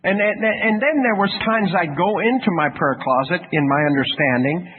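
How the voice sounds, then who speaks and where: A man's voice: sits high, normal speed, husky. A man preaching a sermon in a folksy storytelling manner, asking his listeners questions. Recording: tinny phone-like radio sound with faint noise.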